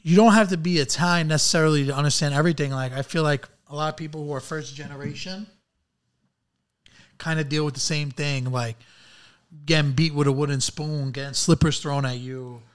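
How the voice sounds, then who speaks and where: A man's voice: a little high, fairly even intonation, fairly quick. A man in his thirties co-hosting a casual podcast chat, laid-back with dry humor and a lot of "like". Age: 30s. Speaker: podcast co-host.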